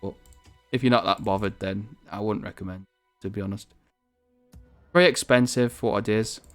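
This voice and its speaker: Chatty guy from the north of england playing a strategy game, lowish voice, a little music under him. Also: steady tone, moderate pace. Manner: rambling, chatty, swears casually. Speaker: gaming video host. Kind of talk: casual strategy game commentary.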